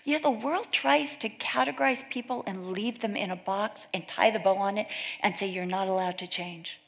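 A woman's voice: fairly high pitch, fairly even intonation, moderate pace, vocal fry, a bit bright. A middle-aged woman giving a sermon in a conversational, storytelling style, acting out quoted voices as she goes. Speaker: speaker at a church gathering. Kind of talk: sermon with personal stories.

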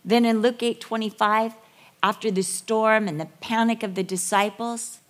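A middle-aged woman giving a sermon, telling Bible stories with animated, acted-out dialogue. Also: fairly high pitch, normal speed. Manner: animated storytelling, acting out voices and whispers. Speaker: women's ministry speaker.

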